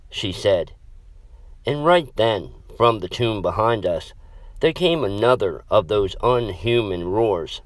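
Slow, low-voiced male horror narrator. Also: expressive, dry recording. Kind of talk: scripted horror story narration.

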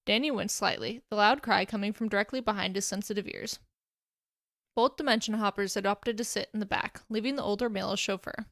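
A woman narrating a fan fiction story aloud in a steady storytelling way. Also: medium pitch, fairly quick, dry recording, clean studio sound.

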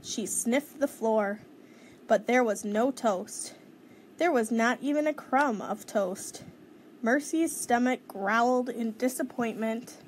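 A woman reading a children's book aloud, slow and expressive, with lively sound effects. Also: a little high, slight background noise.

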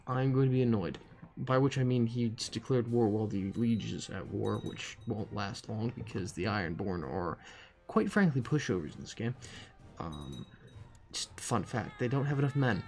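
A man's voice: medium pitch, a little mellow. A man giving casual, profane commentary while playing a strategy game, thinking aloud with dry asides. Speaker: gaming commentator. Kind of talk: casual let's-play commentary.

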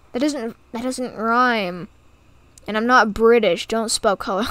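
A woman's voice: on the high side, a little slow, fairly bright tone, no echo. A woman giving casual gameplay commentary, giggling, exclaiming and teasing the game's characters. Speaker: gaming YouTuber.

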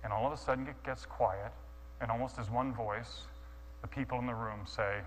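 A man's voice: medium pitch, fairly even intonation, moderate pace, fairly bright tone. A man telling a dramatized sermon story, acting out his own thoughts with stammering restarts, heard in an echoey hall with a faint hum. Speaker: guest speaker.

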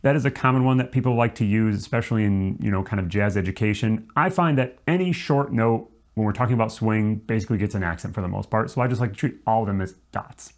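A man gives a music lesson, laying out the rules step by step and occasionally singing short syllables as examples. His voice is fairly low, and he talks fast with few pauses.

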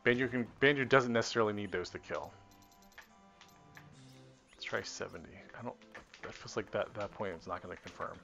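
A man's voice: fairly low pitch, a little fast, creaky, long pauses, pushed and bright. A man casually thinking aloud while practicing combos on a live stream, often trailing off and correcting himself. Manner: rambling, self-correcting, talks to himself while testing. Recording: dull lo-fi stream audio with faint game music. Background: faint game music.

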